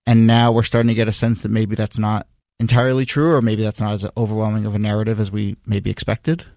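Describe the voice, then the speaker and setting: A man's voice: lowish voice, flat delivery, quick pace, darkish tone, dry recording, studio quality. A man hosting a podcast, steering the discussion with questions and reading the sign-off. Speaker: podcast host. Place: studio. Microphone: studio mic.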